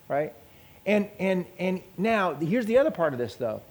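A man's voice: sits high, normal speed. A man teaching a Bible passage in a conversational way, asking his listeners questions and acting out the people in the story. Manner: animated, asks the audience questions.

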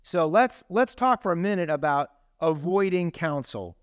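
A man's voice: on the high side, animated, moderate pace, clear, resonant tone, dry recording, studio quality. A man preaching a sermon as a pastor in a conversational way, tossing in tag questions and casual asides.

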